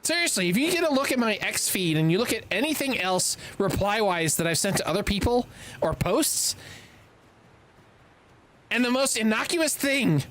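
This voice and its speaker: Animated streamer, lively pitch swings. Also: normal speed. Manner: animated, rambling self-talk with sudden exasperated outbursts. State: throat slightly tickled. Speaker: live streamer playing a game. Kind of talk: casual gameplay commentary on a live stream.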